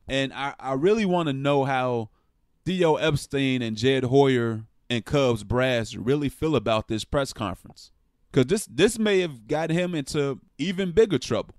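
A man's voice: mid-range voice, lively intonation, measured pace, a little mellow, dry recording, clean studio sound. Blunt, passionate man talking sports. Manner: blunt and frank, with profanity; passionate, rising emphasis. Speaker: sports vlogger. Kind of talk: casual opinion commentary.

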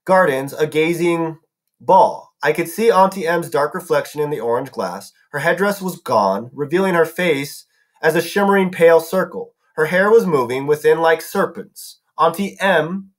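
Man reading a novel aloud. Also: on the high side. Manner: narrating with some self-corrections. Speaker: audiobook reader.

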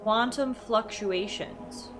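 A woman streaming a game and talking through it live, excitable, shrieking, laughing and swearing when things go wrong, and reading the on-screen text aloud. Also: fairly high pitch, takes it slowly, over music. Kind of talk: live gameplay commentary.

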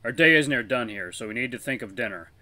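A man's voice: medium pitch, lively intonation, quick pace, bright, forceful tone, no room sound. A man voicing a young male black wolf butcher who speaks firmly and in short, clipped lines.

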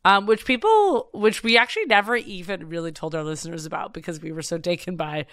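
A woman's voice: on the low side, lively intonation, fast talker, fairly bright tone, no room sound, clean studio sound. A woman co-hosting a podcast in casual chat, giggly and talking with lots of fillers. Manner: chatty, giggly, lots of likes. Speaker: podcast co-host.

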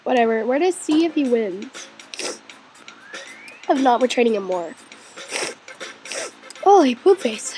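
A woman narrating her gameplay in a high, animated voice that swings widely in pitch. She talks at an easy, slow pace, cheers her character on and now and then slips into a whisper. Faint game music plays underneath. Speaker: let's play host. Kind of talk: gaming commentary.

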